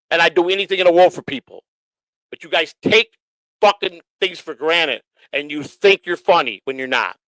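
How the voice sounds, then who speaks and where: A middle-aged man hosts his own livestream. He rants at critics in a combative, profane way. His voice sits a little high for a man and is recorded close and dry, with no room sound. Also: pushed and bright, dry recording, poor audio. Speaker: livestream host. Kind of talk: angry livestream rant.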